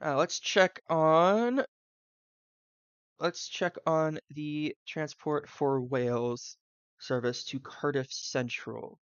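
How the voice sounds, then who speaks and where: Chatty man with a smooth, higher voice. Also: slow, dry recording, dull audio. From Southern US. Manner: chatty, thinks aloud with many fillers and tangents. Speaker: live streamer. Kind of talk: rambling live-stream commentary.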